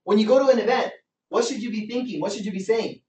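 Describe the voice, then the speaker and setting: A man's voice: high-pitched, fast, darkish tone. A man leads a motivational business training session in front of a live group. He talks with energy, keeps asking the room questions, and repeats points for emphasis. The sound echoes around the room, and the mic sits some distance from him. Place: meeting room with a live audience.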